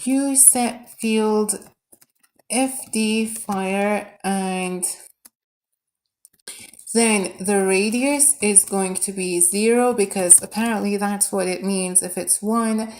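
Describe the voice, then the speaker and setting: A woman streaming live as she builds a game mod, her pace slow and unhurried. She talks herself through each step and mumbles under her breath, then suddenly jumps up in pitch and volume with excitement. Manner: excitable, thinks aloud, bursts into shouts; mutters quietly while working.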